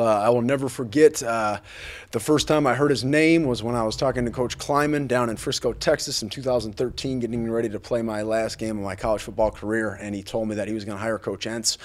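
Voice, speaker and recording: A man in his thirties, a football coach giving earnest, grateful remarks at a press conference, full of fillers and restarts. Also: mid-range voice. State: a little choked up.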